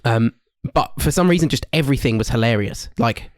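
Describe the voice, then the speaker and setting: A man's voice: medium pitch, lively intonation, fairly quick, no echo, studio quality. A man co-hosting a podcast, talking in loose, rambling casual chat with restarts and swearing. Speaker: podcast co-host.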